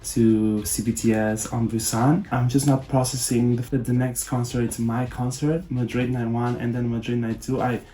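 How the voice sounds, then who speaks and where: Young guy vlogging, emotional and quiet, mellow low-key voice, echoey room. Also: little pitch movement, moderate pace, hardly any pauses. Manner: soft-spoken, emotional, lower-toned. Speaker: fan channel host. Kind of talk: casual emotional vlog chat. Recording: roomy echo with faint music behind.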